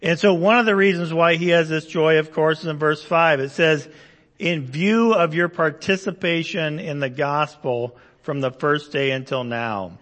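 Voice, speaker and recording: A man's voice: on the high side, moderate pace, a bit bright, in a large hall. A man preaching a Bible-teaching sermon, explaining verses conversationally with asides and rhetorical questions. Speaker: pastor.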